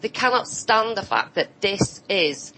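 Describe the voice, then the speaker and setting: A woman chatting on a roundtable in a blunt, sarcastic way, slipping into mocking voices for the people she quotes. Her pitch sits in a middle range for a woman. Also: big pitch swings, unhurried, sharp tone, slight background noise, poor audio. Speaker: roundtable guest. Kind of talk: casual online roundtable chat.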